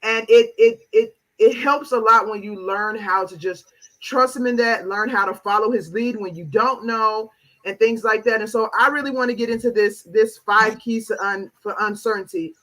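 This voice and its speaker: A woman's voice: on the high side, moderate pace, a bit bright, poor audio. A woman hosting a live talk show, affirming her guest and reading out viewer comments. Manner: affirming, lots of "wow" and "exactly". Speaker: host.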